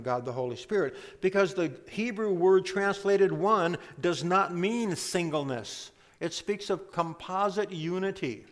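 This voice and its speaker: A man's voice: a little high, long reverb tail. Man preaching an emphatic sermon. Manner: emphatic preaching with sudden drops to soft, intimate tones. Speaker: pastor.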